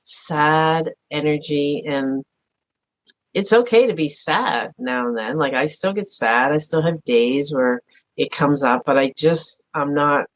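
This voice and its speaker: A middle-aged woman speaking earnestly and softly as a podcast guest, thinking aloud in a reflective personal conversation. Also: low voice, slow. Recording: dull lo-fi audio.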